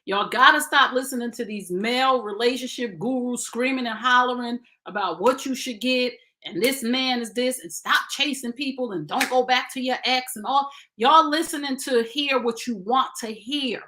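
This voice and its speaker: A woman's voice: a little high, normal speed, hardly any pauses, pushed and bright. A woman in her fifties giving blunt, preachy relationship advice in a casual live stream, speaking straight to her viewers. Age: 50s.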